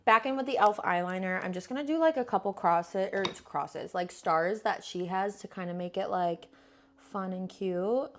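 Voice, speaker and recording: A woman's voice: medium pitch, moderate pace, a bit bright, a little hiss or hum. Chatty young woman doing her makeup. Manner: chatty, self-deprecating, filler-heavy; playful, slangy. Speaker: makeup vlogger. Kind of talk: casual makeup tutorial chat. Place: home.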